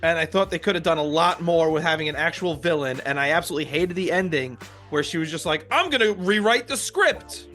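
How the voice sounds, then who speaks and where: Male co-host, high and bright, opinionated and blunt, faint music behind. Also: fairly even intonation, fast talker, few pauses. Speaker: podcast co-host. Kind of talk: casual movie chat.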